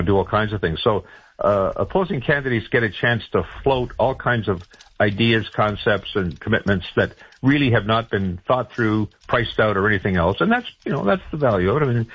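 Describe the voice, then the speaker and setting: Man, low husky voice, rambling radio guest, dry muffled sound. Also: no room sound. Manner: rambling, many fillers and restarts. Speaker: political strategist guest. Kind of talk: radio interview.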